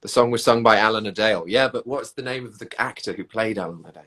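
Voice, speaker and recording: A man's voice: on the low side, quick pace, fairly bright tone. A man, chatting casually on a livestream and answering viewer comments. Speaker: livestream host reading comments. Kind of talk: casual chat.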